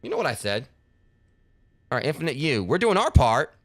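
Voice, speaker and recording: A man's voice: medium pitch, big pitch swings, brisk. A man hosting a gaming channel, rambling and joking through casual let's play commentary. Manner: rambling, joking, lots of fillers.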